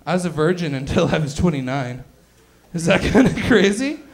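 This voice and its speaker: A man in his twenties doing a stand-up comedy set on a club stage, loud, crude and bantering with the crowd. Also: fairly high pitch, sing-song, a little fast, gravelly. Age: 20s.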